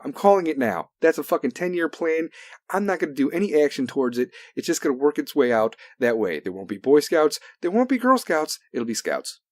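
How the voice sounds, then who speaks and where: A man hosting a solo talk show in a heated, profane rant that swings between loud outbursts and low mutters. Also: no room sound, studio quality. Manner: heavy cursing, heated. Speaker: podcast host.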